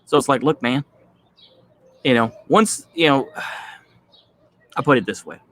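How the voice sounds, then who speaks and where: Thirties Texan guy vlogging, rambling, profane and dismissive, mid-pitched voice. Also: animated, slow pace, fairly bright tone. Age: 30s. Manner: blunt, profane, dismissive rambling with many fillers. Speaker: political commentary vlogger. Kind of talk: casual ranting monologue.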